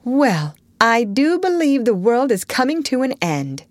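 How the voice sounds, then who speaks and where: A woman's voice: medium pitch, measured pace, dry recording, natural voice. A woman voicing a prim, proper young woman in a storybook reading, close to her own voice. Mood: amazed.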